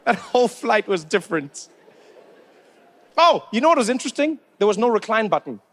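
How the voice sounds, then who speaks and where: A man doing stand-up comedy, telling stories in an animated, incredulous way. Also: high-pitched, fairly quick.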